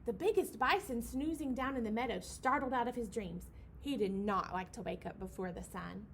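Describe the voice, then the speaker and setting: At a library storytime for babies, a young woman reads a picture book aloud in a playful, sing-song manner and acts out the animal sounds. Her voice is on the high side, her pace moderate, with a little hiss or hum in the audio.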